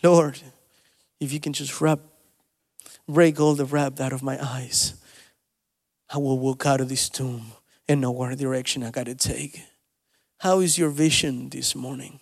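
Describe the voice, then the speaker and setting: Male pastor, sermon, high voice, storytelling then rising exhortation, church sanctuary, long reverb. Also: unhurried, creaky, long pauses. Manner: storytelling with shifts between soft asides and loud rising exhortation.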